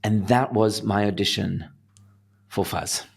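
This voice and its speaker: A young adult man with a South African accent, an actor talking casually in an interview and telling lively stories. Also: lowish voice, slow, gravelly, husky. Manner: animated storyteller, laughing, acting out voices.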